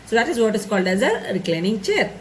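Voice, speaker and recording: A woman's voice: medium pitch, very animated, fast talker, slight background noise, rough recording. A woman teacher explaining a story to students, repeating and rephrasing each point and checking in with "right?" and "isn't it?".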